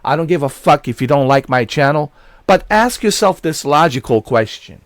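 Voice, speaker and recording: A man's voice: fairly high pitch, expressive, normal speed, dry recording, clean studio sound. Furious profane man ranting. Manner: profane, shouting in bursts. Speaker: gaming channel host. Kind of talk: angry rant commentary.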